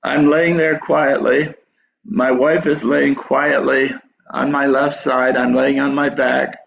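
In a sermon, an older preacher recounts a dream testimony, rambling and restarting his phrases. His medium-pitched voice is slow, creaky and a bit bright, with little pitch movement. The hall recording sounds dull and echoey.

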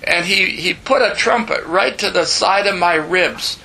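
An older man in his seventies delivers a sermon as a personal testimony. His voice sits high and has a bright, forceful edge. He tells his story earnestly with emphatic asides and trades quick banter with the listeners. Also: gravelly, low-quality recording. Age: 70s. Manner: chatty banter with the audience. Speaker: preacher.

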